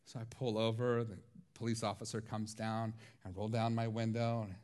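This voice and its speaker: A man preaching a sermon, telling stories in a lively, laughing way. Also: lowish voice, moderate pace, clean tone. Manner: animated storytelling with frequent laughs. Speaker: pastor.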